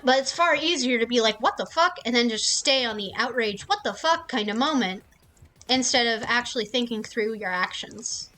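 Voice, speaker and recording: Higher-voiced woman ranting on stream. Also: bright, forceful tone. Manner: profane, ranting, acts out others' lines in quick mock voices. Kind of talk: casual stream rant.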